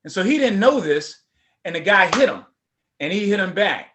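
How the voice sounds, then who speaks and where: A middle-aged man, a former prosecutor, telling his personal story at a forum in a lively, conversational way. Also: high-pitched, moderate pace, noisy background. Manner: animated, conversational, acts out voices.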